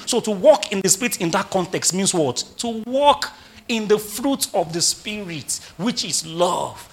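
A male pastor preaching a sermon, animated and full of rhetorical questions to his congregation. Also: sits high, a little slow.

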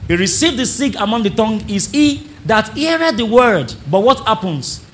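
Animated man preaching. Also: high voice, normal speed, a little hiss or hum. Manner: animated preaching, acts out congregants, calls on the audience. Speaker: pastor. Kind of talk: sermon. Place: church service before a congregation.

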